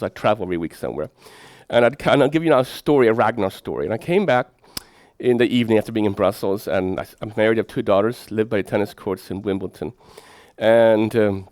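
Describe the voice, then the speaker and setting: A middle-aged man, giving a lecture as a professor, telling lively anecdotes and putting rhetorical questions to his audience. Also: medium pitch, no echo, studio quality. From Sweden.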